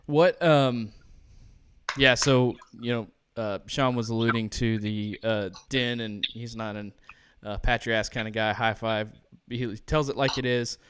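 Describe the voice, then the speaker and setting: A man hosting a podcast in casual conversation, relaxed and halting, with many fillers. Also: medium pitch, smooth. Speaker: podcast host.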